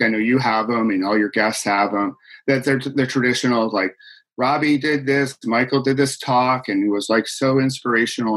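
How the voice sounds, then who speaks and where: A man's voice: mid-range voice, a bit bright, rough recording. Middle-aged male guest coach, earnest, heartfelt conversational storyteller, mid-range voice. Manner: earnest, heartfelt, many fillers.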